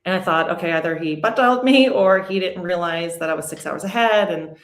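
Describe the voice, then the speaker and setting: A woman's voice: on the low side, a little fast. A woman in her forties, a podcast guest, telling a painful personal story candidly and steadily. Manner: candid, steady even through hard memories. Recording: roomy echo.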